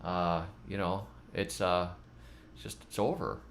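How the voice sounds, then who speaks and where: A man's voice: low-pitched, a little slow, vocal fry, a little hiss or hum. A middle-aged man hosting a gardening channel, chatting loosely in a rambling, self-mocking way and often repeating his words. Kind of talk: casual rambling vlog chat.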